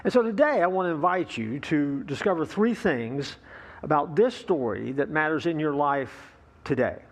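A man's voice: a little high, lively intonation, normal speed. A male pastor preaching a sermon, opening with a folksy joke, with fillers and easy asides.

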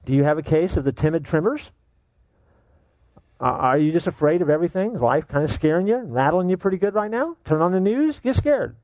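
A man preaching a sermon as pastor, animated and joking, firing off rhetorical questions at his congregation. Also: a little high, brisk, no echo, low-quality recording.

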